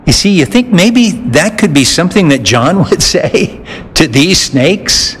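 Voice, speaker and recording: Male pastor, slightly high voice, slow and earnest, halting fillers; large echoey hall. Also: animated, a bit bright. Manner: earnest, with frequent "uh" pauses and restarts. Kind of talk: sermon. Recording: echoey hall, faint noise.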